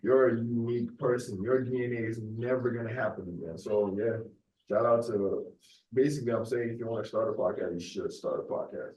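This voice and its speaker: A man's voice: mid-range voice, fairly quick, a little mellow, reverberant, distant mic, low-quality recording. A young Nigerian man who speaks with a mostly American accent and a light Nigerian lilt, hosting a casual solo podcast and rambling loosely with lots of "you know" and "like". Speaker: podcast host.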